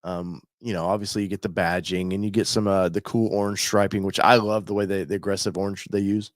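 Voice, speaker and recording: Rambling low-voiced man thinking aloud. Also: flat delivery, fast talker, no room sound, studio quality. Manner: rambling, thinking aloud with many fillers and restarts. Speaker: automotive channel host. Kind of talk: casual talk while browsing a website.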